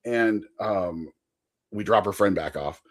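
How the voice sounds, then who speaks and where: A man's voice: lowish voice, slow pace. A man chatting casually on a podcast, telling a long rambling story and laughing often. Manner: chatty with frequent fillers and asides.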